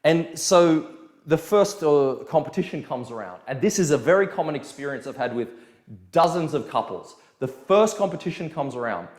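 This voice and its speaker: A man coaching dance talks straight to his viewers in a chatty, animated way, acting out bits of conversation as he tells his stories. His voice sits a little high for a man. The room around him rings with noticeable echo. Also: normal speed. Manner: chatty, animated storytelling with quoted dialogue. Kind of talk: casual video lesson.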